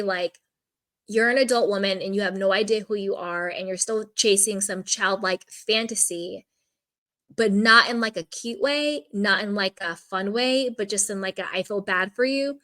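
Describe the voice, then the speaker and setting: A woman's voice: mid-range voice, a bit bright. A woman commenting on a reality show in casual, candid speech, peppered with "like" and frank opinions. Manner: candid, opinionated, lots of "like" fillers.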